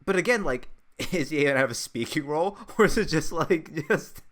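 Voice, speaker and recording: A man's voice: a little high, lively intonation, a little fast, a bit bright. A man co-hosting a casual podcast chat, rambling with frequent restarts and laughter. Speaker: podcast co-host.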